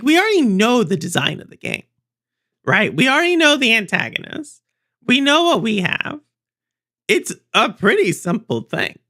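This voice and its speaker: A woman's voice: on the high side, bright, forceful tone. A young woman hosting a livestream, rambling and chatting with viewers, laughing often. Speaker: livestream host. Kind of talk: casual stream chat.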